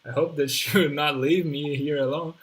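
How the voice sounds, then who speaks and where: A man's voice: fairly high pitch, fairly even intonation, normal speed, poor audio. A man hosting a live online English session, talking casually with hesitant restarts and frequent "mm-hmm". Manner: hesitant, restarts, warm back-channel "mm-hmm".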